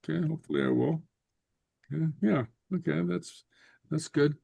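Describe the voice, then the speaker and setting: A man teaching a Gaelic class over a video call, relaxed and full of fillers and repeated okays. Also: fairly high pitch, moderate pace, vocal fry, husky, no echo.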